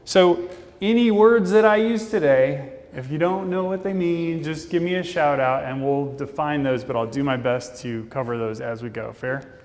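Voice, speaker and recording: Man, conference speaker, fast and jokey, slightly high voice, reverberant hall. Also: a little mellow. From Indianapolis, Indiana, US. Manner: talks fast, casual and jokey. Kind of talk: keynote presentation.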